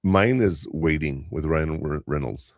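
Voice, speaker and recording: A man's voice: rumbling low, unhurried, dry recording, clean studio sound. An older man hosting a podcast in casual chat, rambling through stories and acting out other people's lines. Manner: rambling storyteller, quoting others in voices. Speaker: podcast host.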